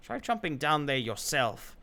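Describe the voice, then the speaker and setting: A male streamer playing a game live, reading its lines and tossing in wry jokes. His voice is bright and quite high, and he talks at an unhurried pace with lively swings in pitch. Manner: wry, joking asides.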